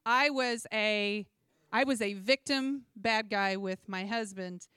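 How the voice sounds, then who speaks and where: A young adult woman preaching a sermon in a chatty, animated way, full of personal asides and humor. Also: medium pitch, slow pace, clear, resonant tone, dry recording, clean studio sound. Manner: conversational and animated, with asides and self-deprecating humor.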